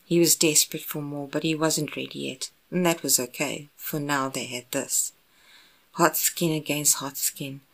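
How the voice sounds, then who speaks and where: A woman with a low voice reads romance fan fiction aloud. Her narration is even and unhurried, with a steady storytelling pace. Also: vocal fry. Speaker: audiobook narrator.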